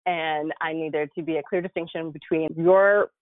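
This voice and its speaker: A woman guest telling a personal story in a conversational interview, animated and laughing, with lots of casual fillers. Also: low voice, normal speed, no echo. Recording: tinny phone-like dry remote audio.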